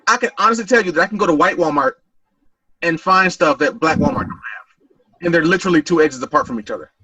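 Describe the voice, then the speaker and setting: A man with a bright, forceful voice chats casually on a group podcast, stumbling and repeating words as he tells his story. He sits away from the mic in a dry, dead-sounding room. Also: a little high, quick pace, no room sound. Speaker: podcast panelist. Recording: voice distant from mic.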